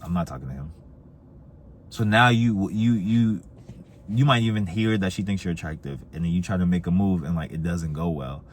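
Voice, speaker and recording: A young man telling dating stories in a casual, animated way, acting out the quoted voices. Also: moderate pace, slight background noise. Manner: animated, acts out quoted voices with big pitch jumps. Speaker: dating advice vlogger. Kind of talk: casual storytelling monologue.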